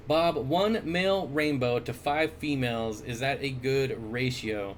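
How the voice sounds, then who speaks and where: A man hosting a casual livestream, reading viewer comments aloud and answering aquarium questions in a relaxed, chuckling way with lots of fillers. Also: medium pitch, measured pace, hardly any pauses, slight background noise. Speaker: aquarium store owner and livestream host. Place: indoors, at his fish room or store. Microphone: desk mic.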